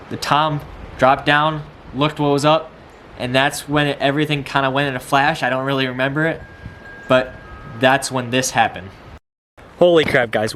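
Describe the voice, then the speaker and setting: Young male hunting vlogger from Iowa, breathless and excited, mid-pitch voice, outdoor camera audio with faint hiss. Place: outdoors in a field.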